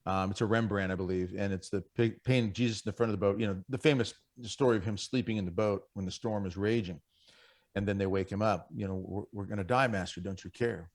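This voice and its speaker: A man's voice: on the low side, fairly even intonation, fast, darkish tone. A middle-aged man, a guest on a Catholic radio show, telling stories and earnestly urging other men on over a studio microphone. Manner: earnest, exhorting, anecdotal. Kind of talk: conversational faith radio talk.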